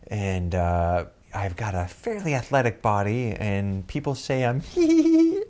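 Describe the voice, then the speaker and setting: A man's voice: lowish voice, lively intonation, measured pace, darkish tone. A man voicing a giggly, flirtatious woman describing herself to a blind date. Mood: coy giggly. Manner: coy, giggling.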